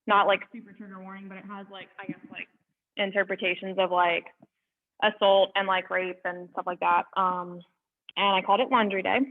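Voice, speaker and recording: Young woman at an open mic reading poems, middle pitch, tinny lo-fi sound. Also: level tone. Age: young adult. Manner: earnest, halting asides between readings.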